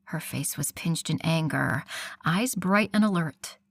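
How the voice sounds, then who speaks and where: Female romance audiobook narrator, low gravelly voice, soft and breathy, close dry studio mic. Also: a little slow, no echo. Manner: soft, breathy, intimate delivery. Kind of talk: first-person romance narration.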